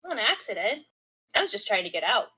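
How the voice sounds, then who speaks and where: A woman's voice: mid-range voice, very animated, fairly quick, pushed and bright, breathy edge, full character voice. A woman doing a grinning, offhand alien refugee. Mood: breezy. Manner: breezy, offhand, fumbling for words. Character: cheerful grinning alien refugee, toothy and nonchalant. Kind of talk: improvised tabletop role-play.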